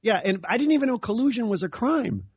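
A man's voice: very high-pitched, lively intonation, quick pace, breathy edge, dry recording, lo-fi sound. A man chatting casually as a guest on a political radio talk show, joking and laughing often as he acts out quoted voices. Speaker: guest commentator.

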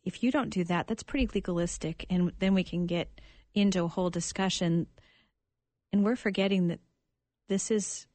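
A woman's voice: fairly low pitch, a little mellow, no room sound. A woman guest on a radio talk show, speaking thoughtfully and earnestly with frequent fillers. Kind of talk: reflective discussion.

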